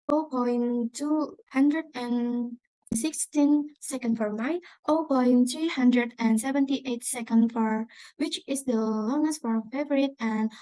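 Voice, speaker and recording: Her voice fairly high and dark-toned, a young student whose first language is Indonesian carefully reads out measurements step by step in a screen-recorded walkthrough of her exam project. The audio is low quality, with no echo.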